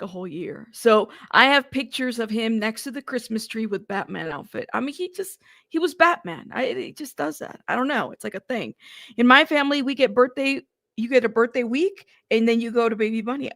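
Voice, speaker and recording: A woman in her thirties hosting a casual livestream, chatting excitedly and greeting viewers by name. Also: a little high, no echo, clean studio sound. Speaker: livestream host.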